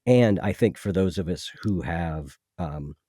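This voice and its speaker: A male podcast host with a low, mellow voice, chatting casually and thoughtfully. He often restarts his sentences. The sound is close and dry. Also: expressive, unhurried, dry recording. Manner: thoughtful, with frequent restarts and "you know". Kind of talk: casual interview chat.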